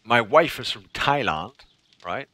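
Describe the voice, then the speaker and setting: A man's voice: medium pitch, animated, a little slow, pushed and bright, no room sound. A man from Northern Ireland with a Northern Irish accent, chatting casually on a game stream, telling stories animatedly, laughing often and repeating phrases for effect. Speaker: live streamer.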